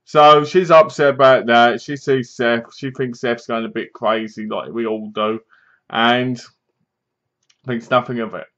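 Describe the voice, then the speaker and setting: A young man talks through a film in a loose, rambling review, often stopping to correct himself. His voice sits at an ordinary middle pitch. The recording is dull and lo-fi, like a simple home setup. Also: fairly even intonation, measured pace, a bit bright. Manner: rambling, self-correcting, acts out characters' lines. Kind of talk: casual spoken film review.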